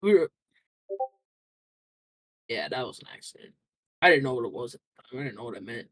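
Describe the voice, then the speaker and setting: A man's voice: mid-range voice, big pitch swings, brisk, pushed and bright, poor audio. A young man answering interview questions casually, rambling through a story with lots of fillers and restarts.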